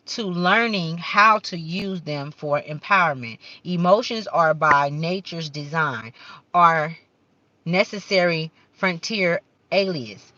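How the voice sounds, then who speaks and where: A woman's voice: on the low side, pushed and bright, dry recording, muffled recording. A woman doing a casual spiritual card-reading vlog, talking fervently in slang, swearing at times and stumbling as she reads the card text aloud. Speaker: card reader.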